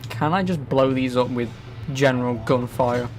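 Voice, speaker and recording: A man's voice: mid-range voice, moderate pace, soft background music. Rambling, sweary English man. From England. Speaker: streamer. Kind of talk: casual gaming commentary.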